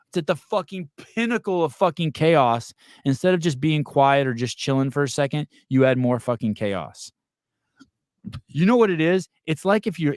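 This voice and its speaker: A man's voice: medium pitch, darkish tone, no room sound, studio quality. A man hosting a podcast, ranting in casual talk and swearing constantly. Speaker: podcast host. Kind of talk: profane casual podcast rant.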